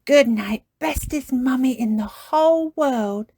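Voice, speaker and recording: A woman's voice: slow, warm tone, husky, no room sound, clean studio sound, heavily acted. Woman doing a squealing little piglet girl. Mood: sweet. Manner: squealing, high and pleading.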